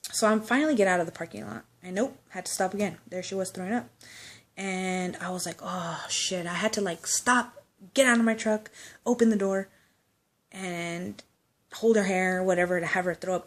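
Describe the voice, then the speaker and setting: A woman casually telling a personal anecdote, chatty and loose, with swearing and laughing asides. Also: mid-range voice. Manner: chatty storytelling, swears, laughs, acts out quotes.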